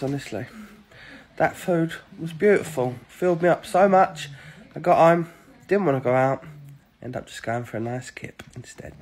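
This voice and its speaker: A man chatting casually to his phone camera, sentimental and jokey. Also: on the high side. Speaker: TikTok vlogger.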